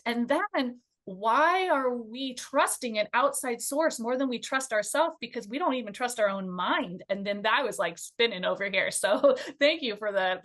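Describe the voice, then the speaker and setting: Chatty woman co-hosting a panel. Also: fairly high pitch. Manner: animated, chatty, with fillers and giggles. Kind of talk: conversational panel talk.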